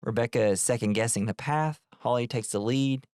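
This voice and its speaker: A man's voice: medium pitch, brisk, clear, resonant tone, no echo, clean studio sound. A man co-hosting a podcast, recapping a film in casual chat and acting out quotes. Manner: animated storytelling with put-on quote voices.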